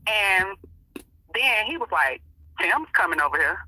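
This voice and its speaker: A woman's voice: mid-range voice, sing-song, measured pace, pauses often, bright, forceful tone, dry recording, rough recording. A woman being interviewed, telling a story in casual, emphatic, profane talk and acting out what other people said. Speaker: interview guest.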